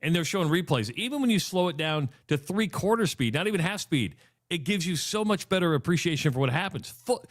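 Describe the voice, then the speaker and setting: A man's voice: a little high, expressive, fairly quick. A male sports radio co-host in casual chat, emphatic, who reads out listener comments.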